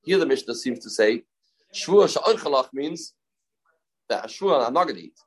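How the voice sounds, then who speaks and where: A man teaching a daily Talmud page, walking through each case step by step. He repeats key phrases to drive a point home and reads in a way. His voice sits at an ordinary middle pitch. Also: animated, moderate pace, breathy edge. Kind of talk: daf yomi lecture.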